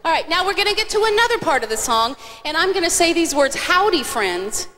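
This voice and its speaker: A woman's voice: extremely high pitch, very animated, fast, bright, forceful tone. A woman singer on stage at a live church concert, cheerfully coaching children through song actions over a stage microphone. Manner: cheerful, coaxing, directing children. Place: large church auditorium. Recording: long hall reverb, faint audience noise.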